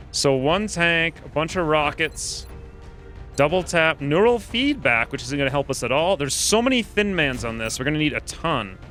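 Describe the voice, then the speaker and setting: A man's voice: fairly high pitch, pushed and bright. A man giving casual gameplay commentary, joking, self-mocking and thinking aloud about his choices. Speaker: gaming streamer.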